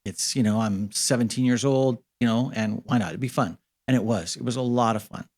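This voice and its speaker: A man in his fifties from Canada with a voice of ordinary, middle pitch, talking as an interview guest. He tells long stories in a relaxed, chatty way and slips into the voices of the people he quotes, and his pitch jumps up when he acts out their lines. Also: fairly quick. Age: 50s. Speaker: interview guest, special effects supervisor. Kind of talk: casual interview storytelling.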